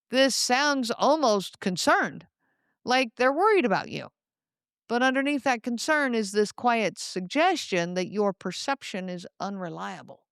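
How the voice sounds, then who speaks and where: A woman hosting a solo podcast, speaking in a calm, reflective way and addressing the listener directly. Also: fairly high pitch, smooth, no room sound, clean studio sound. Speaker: podcast host.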